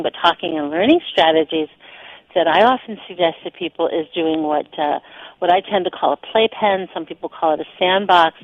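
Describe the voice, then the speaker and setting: A woman, a guest sexuality teacher, explaining ideas in a relaxed conversational way during a radio interview, with fillers and restarts. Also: lowish voice, no room sound. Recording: slightly dull lo-fi radio audio.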